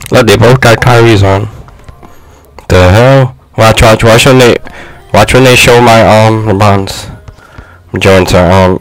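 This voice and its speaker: A young man giving casual gameplay commentary, frustrated and slangy, yelling at his teammates. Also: on the low side, rough recording. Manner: frustrated, exclaiming, slangy trash talk. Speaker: gaming YouTuber.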